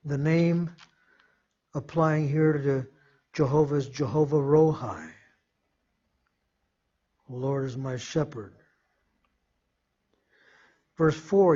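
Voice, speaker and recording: A man preaching a sermon, reading scripture slowly and emphatically and explaining it as he goes. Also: fairly high pitch, warm tone, slightly rough. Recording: dull lo-fi sermon recording.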